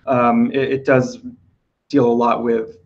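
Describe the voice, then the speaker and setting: A man hosting an awards-prediction chat, hoarse from losing his voice, chatty and loose with filler ums. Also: mid-range voice, flat delivery, takes it slowly, highs cut off. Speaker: podcast host.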